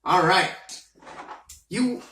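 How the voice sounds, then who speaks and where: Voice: medium pitch, expressive, drawn-out words. A game master narrating a tabletop game in a playful, laughing manner, recorded in a roomy space from a distant mic with faint noise.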